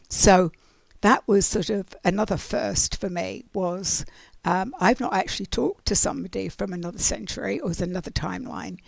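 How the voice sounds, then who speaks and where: A woman's voice: mid-range voice, moderate pace, gravelly, dry recording. A middle-aged woman telling a spiritual story in a casual, rambling way, full of fillers and restarts. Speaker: oracle card reader.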